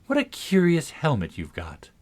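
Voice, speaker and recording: A man's voice: on the high side, huge pitch swings, normal speed, voice pushed up. A man reading a storybook, voicing a polite and curious young girl with a prim, questioning manner.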